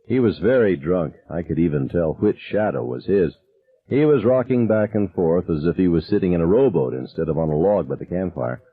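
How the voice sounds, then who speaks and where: Deep, husky male audiobook narrator. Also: lively intonation, fairly quick, no room sound. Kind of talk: first-person novel reading. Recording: tinny, phone-like narrow sound.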